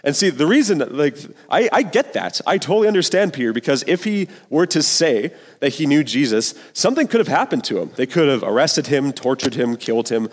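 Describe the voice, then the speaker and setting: A man's voice: on the high side, animated, brisk, hardly any pauses, husky, big-room sound. A male pastor giving a sermon in an earnest, conversational way, full of casual slang.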